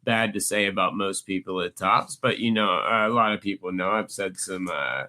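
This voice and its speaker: A man with a slightly low but bright, forceful voice tells stories on a casual podcast. He is animated and jumps up in pitch to act out the people he quotes. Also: moderate pace. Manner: animated storyteller, acts out quoted people in a raised voice. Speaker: podcast co-host.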